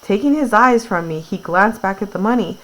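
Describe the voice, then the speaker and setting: A woman's voice: medium pitch, animated, brisk, a bit bright, low-quality recording. Woman teacher, reads a book to her class and chats through it in plain words. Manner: reads aloud, then retells in casual words with fillers. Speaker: teacher reading aloud. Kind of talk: classroom read-aloud with retelling.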